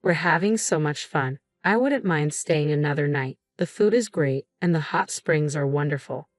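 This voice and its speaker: A smooth, evasive husband who lies with false cheer, read by a woman in her own plain voice. The voice sits very low and sounds close and dry. Soft music plays faintly underneath the storytelling. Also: normal speed, no room sound, natural voice. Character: husband Daddy, evasive lying adult man.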